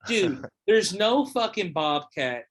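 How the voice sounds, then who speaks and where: A man's voice: high-pitched, big pitch swings, takes it slowly, fairly bright tone, breathy edge. A young man chatting casually on a podcast, rambling with lots of fillers and swearing. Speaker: podcast host or guest. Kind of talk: casual chat.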